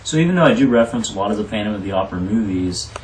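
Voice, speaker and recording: A man's voice: on the low side, expressive, racing, a little hiss or hum. Earnest man, roomy and distant. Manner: earnest, rambling explanations. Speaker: film director, guest. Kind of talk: interview answers. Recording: roomy, from off the mic.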